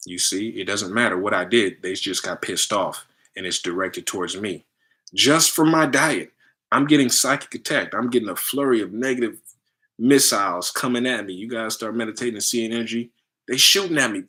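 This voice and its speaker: A man with a low, bright, forceful voice talks loosely to his listeners. He acts out the people in his stories in high voices and comes back to plain talk in between. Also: moderate pace, husky. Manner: animated storytelling, acts out others in high voices; loose conversational slang. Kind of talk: casual spiritual talk.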